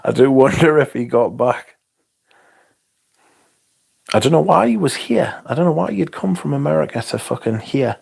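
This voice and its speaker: A man's voice: medium pitch, expressive, moderate pace, gravelly, pauses often, darkish tone, breathy edge. A man from England, chatting casually on a livestream, reading out comments with blunt, sweary, dry humour. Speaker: livestream host reviewing fragrances.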